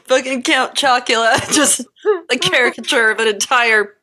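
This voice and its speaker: A woman's voice: a little high, normal speed, bright, forceful tone, slight background noise. A young woman co-hosting a casual chat show, rambling with lots of "like" and breaking into giggles. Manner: rambling, filler-heavy, giggly. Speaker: podcast co-host.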